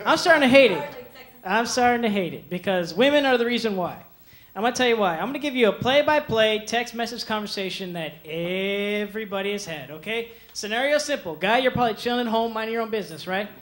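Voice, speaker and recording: A young man doing a stand-up comedy set on a club stage, animated, slipping into quick voices for the people he quotes, with audience laughter behind him. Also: high-pitched. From Mexican heritage. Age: young adult. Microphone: handheld stage mic.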